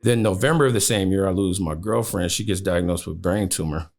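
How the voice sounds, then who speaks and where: A man's voice: deep voice, a little fast. A man in his thirties from Chicago, a podcast guest telling a personal story with many "you know" fillers.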